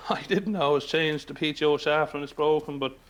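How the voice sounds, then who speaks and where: A man's voice: a little high, a little hiss or hum. Earnest Irish farmer, plain-spoken man. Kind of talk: documentary interview.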